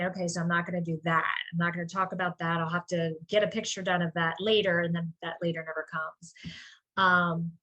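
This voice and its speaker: A woman who runs a small business, chatting casually on a group video call and telling a rambling, animated story. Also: on the low side.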